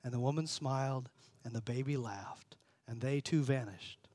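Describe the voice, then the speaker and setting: This pastor's mid-range male voice carries a sermon and a story read aloud, measured and earnest, slowing and softening for emphasis. No room sound is audible.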